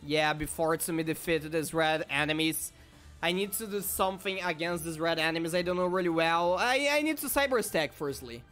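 Excitable man commenting on his game. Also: a little high, fairly quick, faint music behind. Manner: excitable, swings from muttering to shouting. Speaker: gaming YouTuber. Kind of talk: casual gameplay commentary.

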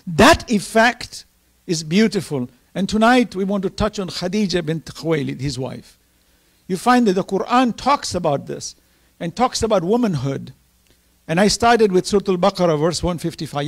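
A man's voice: high-pitched, animated, normal speed, vocal fry. A middle-aged man telling personal stories with emotion in an earnest sermon, reciting scripture at times. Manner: emotional, earnest storytelling, reciting Quranic verses. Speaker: speaker at a Ramadan program.

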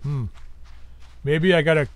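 A man giving casual gameplay commentary, thinking aloud as he plans, his voice going a bit hoarse. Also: a little high, steady tone, unhurried, noisy background. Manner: thinking aloud, musing and planning.

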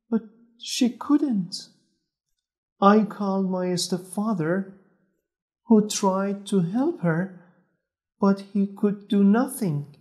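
A young woman reading a first-person story slowly and clearly for language learners. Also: mid-range voice, darkish tone. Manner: slow, clear, careful reading. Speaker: narrator. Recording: faint music behind.

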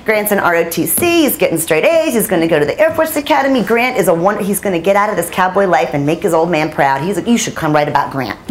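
Lively woman telling stories at a talk. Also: fairly low pitch, quick pace, hardly any pauses, slight background noise. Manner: lively, laughing, acts out quoted voices. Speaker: journalist speaking at a storytelling summit. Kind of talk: animated storytelling talk. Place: conference hall.

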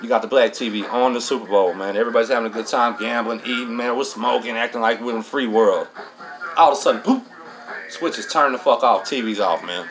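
Here a middle-aged host from Texas tells stories in a casual monologue, his medium-pitched voice moving a little fast over music on a low-quality recording. His talk is profane and streetwise, with "man" dropped into nearly every line.

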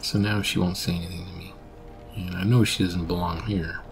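A man with a fairly low voice talks casually over his game, rambling and correcting himself as he goes. He often drifts into quiet mutters, with faint music beneath him. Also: flat delivery, brisk, gravelly. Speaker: gameplay commentator. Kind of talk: casual gameplay commentary.

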